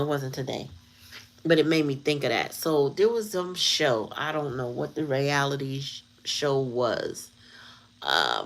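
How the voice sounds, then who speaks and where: A woman with a low-pitched voice hosts her tarot channel in loose, casual chat. She talks bluntly and candidly, mixing in plenty of slang as she tells a story. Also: rough recording. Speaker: tarot reader and channel host.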